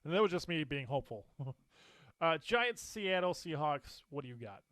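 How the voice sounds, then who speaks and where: Opinionated man with a higher voice. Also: moderate pace, no echo. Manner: animated, opinionated, laughs often. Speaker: co-host. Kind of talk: casual sports talk.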